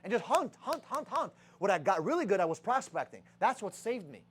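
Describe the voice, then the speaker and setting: Young male sales leader, high voice, brash and profane, fires off rhetorical questions at his team. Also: sing-song, a little fast, slight background noise. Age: young adult. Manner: rhetorical questions, heavy swearing. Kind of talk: profane motivational sales talk.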